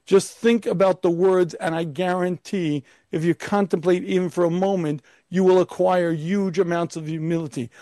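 A man's voice: sits high, fairly quick, vocal fry, hardly any pauses, mellow, dry recording. A man giving an emphatic Torah lecture as a rabbi, firing off rhetorical questions and now and then putting on a pompous, arrogant voice.

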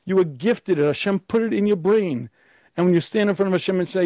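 A man's voice: high voice, a little fast, mellow, no echo. A man giving an emphatic Torah lecture as a rabbi, firing off rhetorical questions and now and then putting on a pompous, arrogant voice.

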